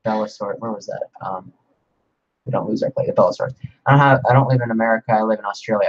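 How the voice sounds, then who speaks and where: Excitable young man hosting a livestream. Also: fairly low pitch, quick pace, dull audio. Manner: rambling, reads viewer comments aloud. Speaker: livestream host. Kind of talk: casual livestream Q&A.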